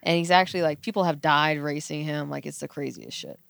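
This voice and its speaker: A young-sounding woman, telling a story as a podcast guest, animated and laughing often. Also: brisk, vocal fry. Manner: animated, laughing, quotes herself in a higher voice. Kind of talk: casual storytelling.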